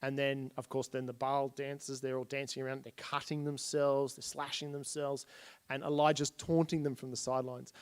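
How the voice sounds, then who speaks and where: A man teaching Bible history to a church group, with a voice of middling pitch. He talks casually and retells the old stories in plain everyday language while pointing things out on slides. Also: flat delivery, fairly quick, clear, resonant tone.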